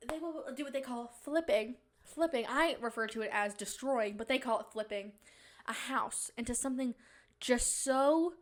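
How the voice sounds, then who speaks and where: A woman hosting a podcast in casual, rambling chat, giggly, with playful mock-indignant rants. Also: sits high. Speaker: podcast host.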